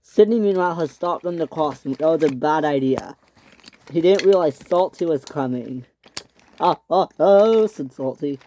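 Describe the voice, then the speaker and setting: A young man, likely a boy, narrating an improvised toy train story, excitable, with frequent restarts and loud screams for the characters. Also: fairly high pitch, moderate pace, slight background noise.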